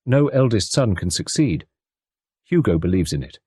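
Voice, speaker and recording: A man's voice: fairly low pitch, very animated, moderate pace, darkish tone, breathy edge, no echo, full character voice. A worried American mother around thirty pours out her fears, earnest and pleading, with an American accent, a man doing her voice. Her lines swing up and down with feeling. The sound is close and dry, with no room around it. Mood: anxious.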